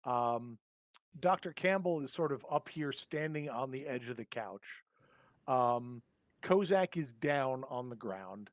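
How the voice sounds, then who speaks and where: A man narrating as game master for a tabletop horror game, halting often with ums and restarts. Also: medium pitch, expressive, no room sound.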